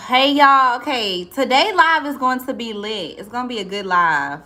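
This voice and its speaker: A woman's voice: a little high, lively intonation, measured pace, bright, forceful tone. A woman chatting casually on a livestream, greeting viewers by name and calling them y'all. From St. Louis. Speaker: livestream host and entrepreneur.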